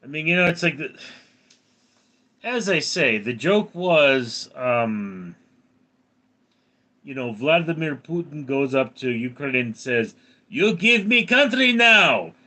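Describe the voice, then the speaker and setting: A man in his thirties chats casually on a live stream, reading viewers' names aloud and tossing back crude jokes. His voice is bright and forceful, and he talks at an unhurried, drawn-out pace. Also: medium pitch, expressive. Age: 30s.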